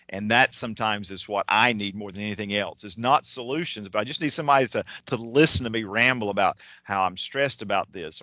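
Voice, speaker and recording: Eager, bright-voiced male keynote speaker. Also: medium pitch, dry recording. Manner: enthusiastic, digressive, with frequent restarts. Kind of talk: motivational talk on time management.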